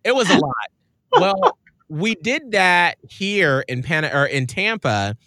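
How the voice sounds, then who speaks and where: Radio host guy, bright tight voice, dry close sound, kinda high, tells stories and does the voices. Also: a little slow, no room sound. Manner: animated, acts out quoted voices. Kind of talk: casual storytelling chat.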